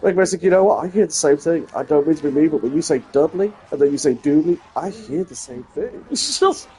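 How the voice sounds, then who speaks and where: A man's voice: on the high side, expressive, fast talker, warm tone, slightly rough. A man with a Birmingham accent, a streamer chatting casually and swearing freely as he reacts to clips. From English Midlands. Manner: sweary, chatty, slips into put-on voices. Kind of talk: casual chat.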